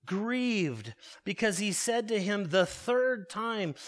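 A man preaching a sermon, slow and deliberate, repeating his key phrases for weight. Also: sits high, animated.

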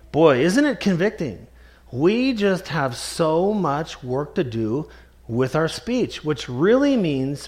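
A man preaching a sermon, earnest and emphatic, slowing down to stress key words. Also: medium pitch, darkish tone. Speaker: pastor.

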